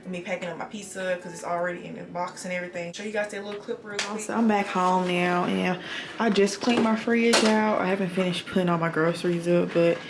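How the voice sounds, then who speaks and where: A young woman in her twenties talking fast and casually while getting ready in her bathroom, recorded on a camera mic. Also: fairly low pitch, fairly even intonation, background noise. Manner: talks fast without pauses, breathy between sentences. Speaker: nurse vlogger. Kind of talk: casual get-ready-with-me vlog. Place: home bathroom.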